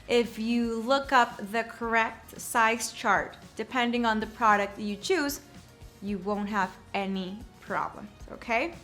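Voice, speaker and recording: Slow-talking young woman giving a how-to. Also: a little high, a bit bright. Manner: slow, repeats words and checks in with "okay?". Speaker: shapewear presenter. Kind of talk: casual how-to demonstration.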